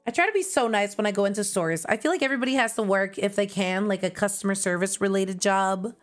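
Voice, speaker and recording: A young woman streaming, chatting casually and playfully while running a party game with friends, loud and excitable. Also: mid-range voice, fast talker, faint music behind.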